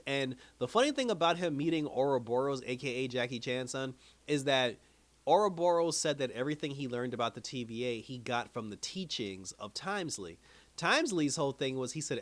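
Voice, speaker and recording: A man talks through a TV episode review in a loose, rambling recap style. He laughs often and keeps slipping into the lines of the people he describes. His voice sits at a middling pitch. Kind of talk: casual recap with quoted voices.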